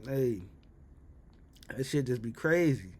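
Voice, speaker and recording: A man telling a story in casual chat, animated and jumping into loud, high exclamations. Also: slow, over loud music. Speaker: reaction streamer.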